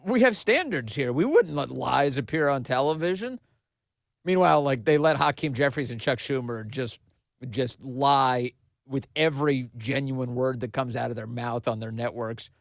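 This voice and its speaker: A man's voice: mid-range voice, steady tone, moderate pace, creaky, no room sound, clean studio sound. A man hosting a political commentary podcast, talking in a mocking, sarcastic way and laughing at what he covers. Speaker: podcast host.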